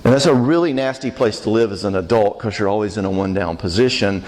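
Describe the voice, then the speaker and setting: A man's voice: fairly low pitch, fast, darkish tone. Man speaking at a church conference. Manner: conversational, joking, asks audience questions. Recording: reverberant church hall.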